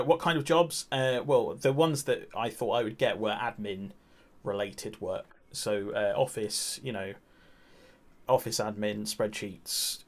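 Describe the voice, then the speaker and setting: A man talking candidly on a livestream, nervous and a little breathless, halting with restarts and frequent ums. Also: lowish voice. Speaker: streamer.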